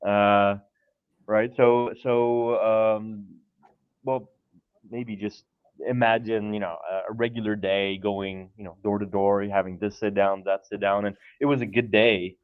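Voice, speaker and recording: A man from Poland with a Polish accent, a podcast guest telling stories in an animated way, repeating words and laughing often. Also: lowish voice, unhurried, clean tone, phone-quality sound. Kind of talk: casual storytelling.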